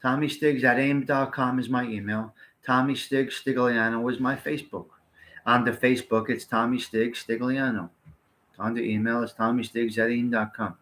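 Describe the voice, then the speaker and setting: Blunt, bright-voiced New man. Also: medium pitch, level tone, moderate pace. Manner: blunt, rambling, salty-mouthed. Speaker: livestream host. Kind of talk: casual livestream chat to viewers.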